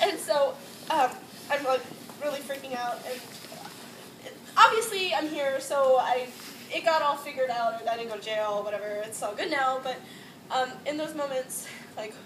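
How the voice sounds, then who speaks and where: A young woman from Hawaii recounts a personal ordeal in loose, emotional speech, peppered with "like" and nervous laughs. Her voice sits high, and it reaches the mic from some distance in a roomy, echoing space with steady noise underneath. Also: moderate pace. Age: young adult. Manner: casual, emotional storytelling with frequent "like" and nervous laughs. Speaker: student speaker. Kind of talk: personal testimony to a crowd. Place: echoey indoor campus space. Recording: distant mic in an echoey room with background noise.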